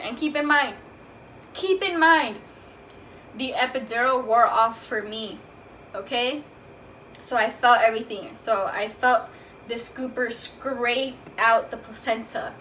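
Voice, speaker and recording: A woman's voice: fairly high pitch, a bit bright. A young woman casually telling a personal story in a vlog, talking loosely with lots of fillers. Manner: casual, chatty, many "like" fillers. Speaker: vlogger. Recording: from a distance, faint room noise.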